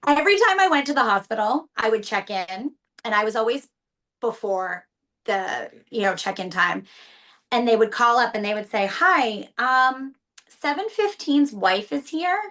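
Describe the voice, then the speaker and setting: Bright-voiced candid woman. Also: medium pitch, animated, moderate pace. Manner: candid, tearful at times, many restarts. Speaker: stroke survivor's partner, guest. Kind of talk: emotional interview conversation.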